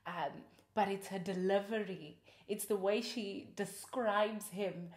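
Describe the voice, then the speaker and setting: A woman host chatting casually about films, animated and quick to laugh, with many fillers. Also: mid-range voice, echoey room. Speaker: podcast host. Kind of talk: casual film review.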